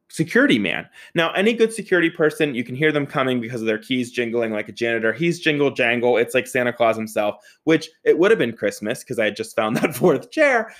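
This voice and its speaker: A man from the Pittsburgh area telling a comedic personal anecdote, animated and profane, laughing often and acting out what people said. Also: mid-range voice. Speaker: storyteller.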